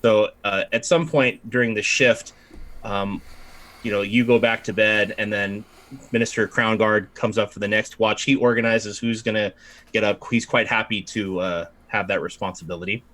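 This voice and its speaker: A man narrating as game master of a tabletop game, relaxed and rambling, correcting himself as he goes. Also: fairly low pitch, moderate pace.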